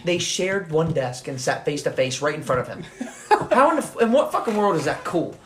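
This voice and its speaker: A man's voice: fairly high pitch, moderate pace. A young man co-hosting a podcast, telling a profane school story with lots of laughing. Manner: animated, swears constantly, laughs while telling. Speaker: podcast co-host. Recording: roomy echo, faint noise.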